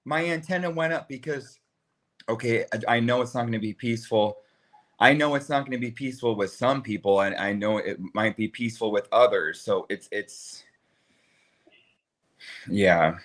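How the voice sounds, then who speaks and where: A man's voice: medium pitch, normal speed. A man co-hosting a casual chat, laughing easily and restarting his sentences. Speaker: podcast co-host, son.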